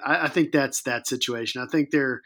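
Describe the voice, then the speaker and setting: A man's voice: mid-range voice, brisk, bright, forceful tone. A man co-hosting a podcast in casual chat, dry and joking, with hesitant fillers. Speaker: podcast co-host. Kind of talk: casual chat about a dating show.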